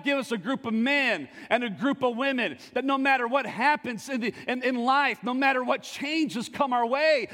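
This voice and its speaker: Brief: very high-pitched male preacher, fervent, rising to shouts, long church reverb. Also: expressive, normal speed. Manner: fervent preaching with call-and-response, surging to shouts. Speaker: pastor. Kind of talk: sermon. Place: church sanctuary.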